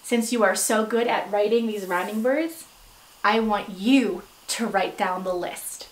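A woman teaching a phonics lesson to young children, slow and encouraging, stretching out word sounds, with bursts of excited praise. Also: mid-range voice, far from the mic. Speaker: substitute teacher. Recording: echoey room, voice from off-mic.

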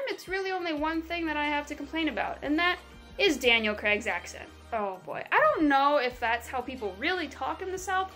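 A woman's voice: high-pitched, fairly bright tone. A woman giving a casual, chatty movie review that she works through point by point. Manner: upbeat, chatty, lists points in order. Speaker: film reviewer.

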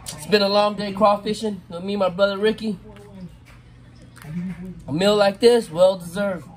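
A middle-aged man casually talking viewers through cooking crawfish outdoors, savoring the food with drawn-out mms. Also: sits high, fairly even intonation. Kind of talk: casual cooking vlog talk. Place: outdoors at a campsite.

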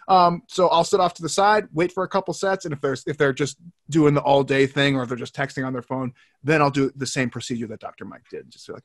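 A man co-hosts a casual fitness Q&A, talking quickly in a fairly high voice. He is easygoing and lays out the details, and his voice sounds dry and close. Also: dry recording. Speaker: webinar co-host. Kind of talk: casual Q&A chat.

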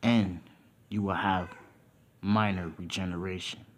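Solemn old spirit handing out powers, some guy doing it, lowish voice. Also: steady tone, a little slow, slight background noise.

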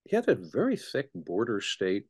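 A middle-aged man, a historian, speaking as an interview guest in an animated storytelling way with frequent restarts. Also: fairly low pitch, normal speed, husky. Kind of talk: conversational interview.

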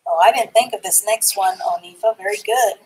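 A woman's voice: mid-range voice, brisk, a little mellow, husky, rough recording. A woman teaching a live online reading class, sounding out and spelling words letter by letter.

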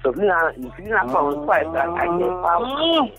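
A woman's voice: fairly low pitch, sing-song, a little fast, a bit bright, soft background music, rough recording. A woman from Compton, emphatic and direct, telling her story in a casual chat. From Compton, Los Angeles. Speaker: guest.

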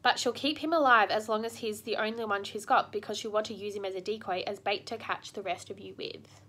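A woman's voice: mid-range voice, fairly even intonation, fairly quick, a bit bright, natural voice. A woman voicing a practical, motherly female beaver in a storybook reading. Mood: urgent. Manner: practical and warning.

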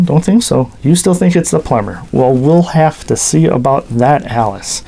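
Slow, chatty male horror-movie host. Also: fairly high pitch, darkish tone. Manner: chatty and jokey, talks to a co-host off mic. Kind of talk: casual commentary.

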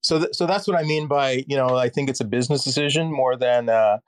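A man with a Canadian accent, an actor talking as an interview guest, thoughtful and unhurried, with frequent fillers and restarts. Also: mid-range voice. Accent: Canadian English. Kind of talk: reflective conversational interview.

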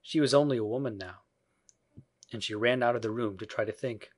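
A male audiobook narrator reading a children's classic in a measured, even scripted narration. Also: mid-range voice.

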